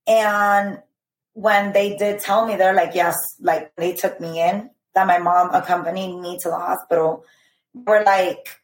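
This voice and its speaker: Woman guest in her thirties, mid-pitched, recounting her past in halting bursts, roomy sound. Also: steady tone. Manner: earnest, halting retelling with frequent "like" and "I remember". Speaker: podcast guest. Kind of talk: personal storytelling. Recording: roomy echo.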